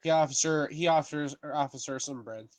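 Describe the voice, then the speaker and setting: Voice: mid-range voice, a little fast, background noise. A tabletop game player chatting casually about their character and laughing easily.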